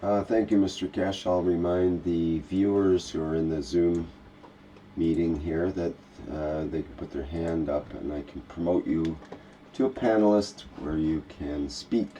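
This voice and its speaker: A man's voice: low voice, steady tone, unhurried, warm tone, slight background noise. A man hosting an online meeting, thanking the speaker and inviting questions, with hesitant fillers. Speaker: host moderating an online meeting. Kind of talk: meeting moderation.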